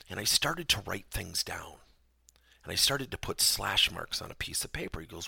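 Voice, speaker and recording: A man hosts a podcast lesson, his voice gravelly and a little husky, with a bright, forceful edge. His pitch swings widely as he presses rhetorical questions. The sound is dry and close. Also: moderate pace, dry recording. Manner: animated, emphatic, rhetorical questions. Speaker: podcast host and workplace trainer. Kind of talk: podcast lesson with personal stories.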